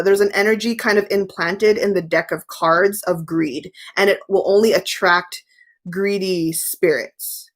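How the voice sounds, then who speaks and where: A young woman hosting a casual tarot live stream, reading out viewer questions and answering them candidly. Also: mid-range voice.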